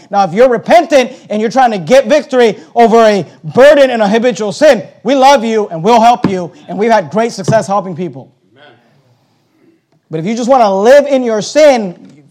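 High-voiced man preaching a forceful sermon. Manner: forceful preaching with repetition, chuckles at himself. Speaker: pastor. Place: church.

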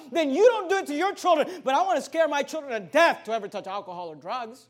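A male pastor preaching a sermon in church, building from calm explanation to loud, emphatic peaks. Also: extremely high pitch, fast, hardly any pauses.

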